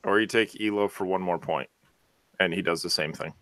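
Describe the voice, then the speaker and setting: A man's voice: low voice, brisk, fairly bright tone, no echo. A man on a casual livestream, wry and joking with the others.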